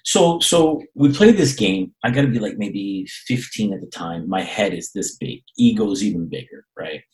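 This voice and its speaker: Deep-ish male storyteller, animated, acts out other people's lines. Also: moderate pace, rough recording. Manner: animated, acts out quoted voices, repeats words. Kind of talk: storytelling in casual chat.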